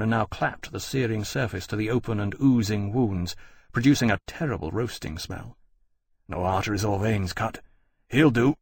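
A man narrating an audiobook in a husky voice, measured and steady. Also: lowish voice. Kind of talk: scripted narration.

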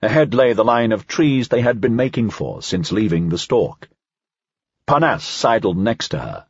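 Male audiobook narrator, husky, lively pitch, dull dry recording. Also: normal speed, no echo. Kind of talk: scripted narration.

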